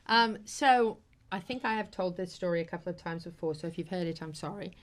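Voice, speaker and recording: A woman's voice: lowish voice, fairly even intonation, a little fast. A woman hosting a talk show, telling a personal story in an earnest, heartfelt, rambling way with many fillers. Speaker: host.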